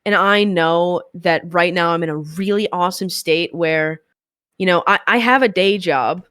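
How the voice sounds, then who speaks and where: A woman's voice: fairly low pitch, moderate pace, fairly bright tone, dry recording, studio quality. A woman streamer chatting candidly as an interview guest, rambling a little and laughing often. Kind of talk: casual interview chat.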